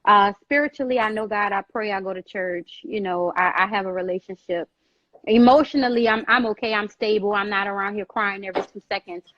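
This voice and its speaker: A woman giving emphatic, preachy advice in an animated way, repeating phrases and calling the listener girl, on a live video call. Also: medium pitch, fairly quick, no room sound, highs cut off.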